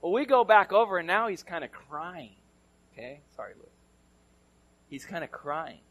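This sermon comes from a male California pastor with a high, expressive voice at a moderate pace. He recounts a story conversationally, alternating between loud passages and hushed ones.

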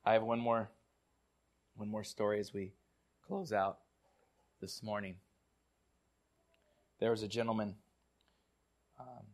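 A male pastor with a fairly low voice preaches a sermon and tells stories, often repeating words and dropping into quiet, soft tones.

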